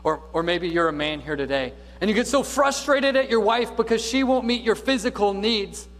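A man preaching a sermon as a pastor, with dynamic preaching that swings from loud to hushed. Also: high-pitched, lively intonation, moderate pace. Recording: reverberant hall with faint mains hum.

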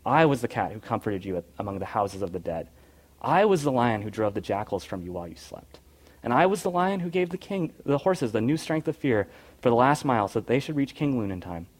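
A man voicing a vast, calm lion. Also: medium pitch, poor audio. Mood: solemn. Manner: slow, solemn, measured. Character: vast, deep, calm, gentle lion spirit.

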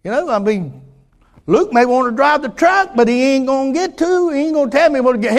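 An older preacher with a high, light voice delivers a homespun sermon. He repeats himself, restarts his sentences and drops from loud declarations into low, quiet asides. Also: lively intonation, fairly quick.

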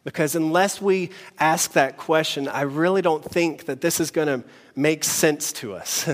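A man preaching a sermon in an earnest, measured way, pausing between phrases. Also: fairly high pitch. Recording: long hall reverb.

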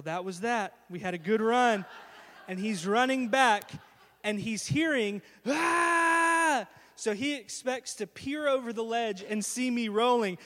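A young male pastor preaching a sermon, an animated storyteller who acts out his own screams. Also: sits high. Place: church sanctuary. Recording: long hall reverb.

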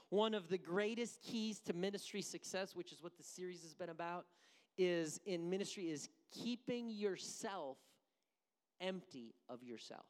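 A pastor delivering a sermon, shifting between hushed near-whispers and loud, emphatic bursts. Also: mid-range voice, big-room sound.

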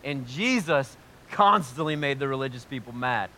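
A man preaching a sermon to a live congregation, energetic and joking, asking them questions directly. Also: medium pitch, normal speed, a little hiss or hum. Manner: energetic, joking and talking straight to the audience. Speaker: pastor.

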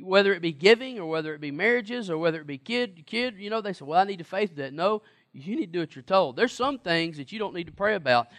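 A man's voice: sits high, fairly bright tone. A man preaching a sermon in a conversational, emphatic way and asking the congregation questions.

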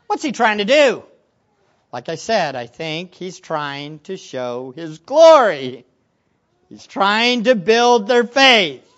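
A man preaching a sermon as pastor, animated, swinging between quiet asides and loud emphatic lines. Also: sits high. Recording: dull lo-fi recording.

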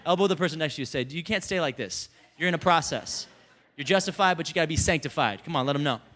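A pastor giving a lively, conversational sermon to a congregation, calling out to the people in front of him. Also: male voice, a little high, quick pace. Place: church service before a congregation.

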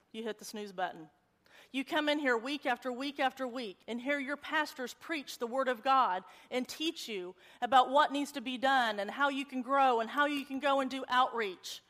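A woman in her forties delivers a church sermon in a high, bright-pitched voice. Her manner is animated and conversational, drifting easily into storytelling. The sound rings with a long reverb from a large church hall. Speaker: preacher.

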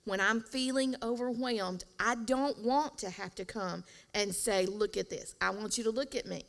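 A woman co-hosting a podcast, talking about marriage in an animated, emphatic way and laughing often. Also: medium pitch, moderate pace, creaky. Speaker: podcast co-host, pastor's wife. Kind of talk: casual marriage advice chat.

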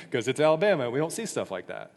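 A man giving a casual youth sermon, full of "like" fillers, moving between hushed and emphatic. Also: medium pitch, big pitch swings, fast talker. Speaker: youth pastor. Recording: echoey hall reverb.

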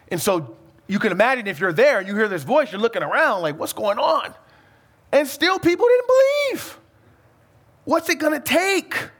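A man's voice: high-pitched, fairly bright tone. A man pastor preaching a sermon, pressing the congregation with emphatic questions and calls of amen.

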